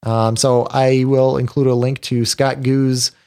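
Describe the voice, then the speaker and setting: Halting man hosting a tech podcast. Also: mid-range voice, flat delivery, warm tone, clean tone. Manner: halting, many restarts, upbeat. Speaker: podcast host. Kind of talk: casual tech podcast chat.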